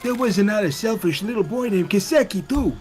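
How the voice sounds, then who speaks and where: A man's voice: sits high, lively intonation, brisk, a little mellow, faint music behind. A man voicing a frail old male witness in a game, talking in a rambling, drifting way. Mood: grim.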